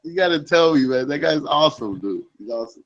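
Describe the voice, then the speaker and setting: A man's voice: fairly high pitch, lively intonation, quick pace, fairly bright tone. Laughing, slangy man on a muffled line. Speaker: chat room regular reacting to a clip. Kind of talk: casual chat.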